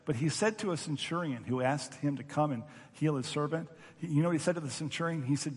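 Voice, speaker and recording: A man's voice: fairly high pitch, quick pace, hardly any pauses, a little mellow, slightly rough, big-room sound. A man preaching a sermon as pastor, telling stories animatedly and acting out voices.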